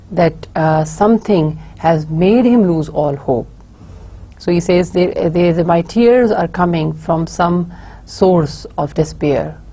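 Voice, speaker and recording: A woman lecturer talks at an unhurried pace and keeps stopping to restart her sentences. Her voice is low, with a gravelly, husky edge. It sounds dark and mellow rather than bright. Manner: slow, halting explanation with frequent "uh" fillers and restarts. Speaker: university lecturer. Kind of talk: recorded lecture.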